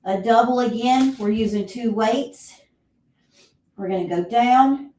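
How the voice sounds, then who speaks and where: A woman with a Southern US accent leading a live exercise class, counting reps and giving steady cues, heard from a distance in an echoey room. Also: on the high side, measured pace, a little hiss or hum. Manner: counts reps aloud, encouraging cues, clears throat often. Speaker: fitness instructor. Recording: roomy echo, voice from far off.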